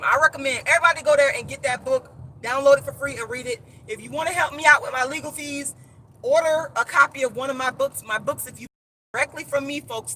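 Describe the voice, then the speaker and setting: In an impassioned live-stream monologue, a woman author and activist talks straight to her viewers, calling them "y'all." Her voice sits high, pushed and bright, and she grows emphatic and preachy, repeating words as she gets worked up. A little hiss or hum runs underneath.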